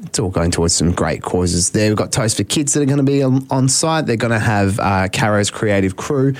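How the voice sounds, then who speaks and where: A man co-hosts a morning radio show with chatty, joking banter. His voice sits fairly low but swings widely in pitch. He sounds relaxed and talkative at the studio mic. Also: a little fast, dry recording. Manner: chatty, laughing asides. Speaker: radio co-host.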